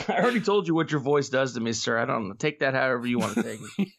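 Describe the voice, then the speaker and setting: A man's voice: mid-range voice, animated, fast talker, vocal fry, very noisy. Joking man in mid-range voice. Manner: playful, joking, effusive with praise. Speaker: podcast guest. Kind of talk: casual podcast chat.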